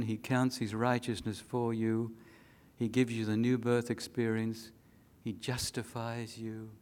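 A man's voice: mid-range voice, a little mellow. A man preaching a sermon, telling an earnest story and making emphatic appeals.

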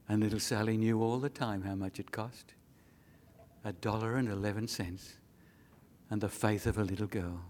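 A man's voice: on the low side, steady tone, normal speed, darkish tone, slight background noise. Man, preacher, sermon, earnest storytelling, emphatic appeals.

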